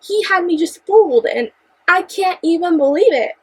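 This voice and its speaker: High-voiced young woman gushing about a book. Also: animated, moderate pace, low-quality recording. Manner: gushing, exclamatory, repeats herself when worked up. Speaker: book reviewer. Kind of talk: excited casual book discussion.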